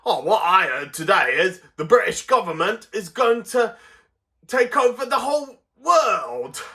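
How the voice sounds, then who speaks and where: A man putting on a high cheery Cockney bloke. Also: big pitch swings, unhurried, bright, forceful tone, exaggerated voice. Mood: mock-grave. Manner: cheery, exaggerated, high-pitched. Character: chatty cockney man heading to the pub.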